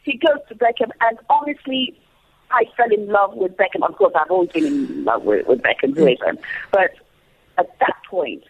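A woman guest telling a story in an animated way, often repeating words, over a tinny phone line. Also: medium pitch, moderate pace, breathy edge. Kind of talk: lively storytelling on a call.

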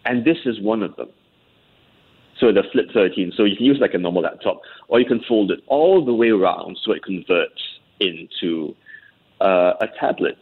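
A man with a husky voice, giving chatty, explanatory tech commentary in a conversation. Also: on the low side. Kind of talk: conversational tech chat on air. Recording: tinny phone-line sound.

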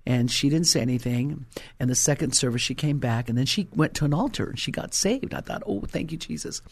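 A man's voice: medium pitch, animated, a little fast, no room sound. A male pastor preaching an impassioned sermon and telling stories to his congregation.

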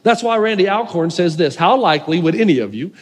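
A man preaching a sermon as a pastor, telling humorous, animated stories to a congregation. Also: sits high, quick pace. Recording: echoey hall reverb.

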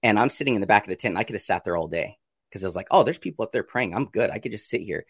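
A man, a podcast guest, telling his story in a casual interview, acting out his own reactions with sudden jumps in pitch and frequent laughs. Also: expressive, rapid-fire, husky, no room sound, studio quality.

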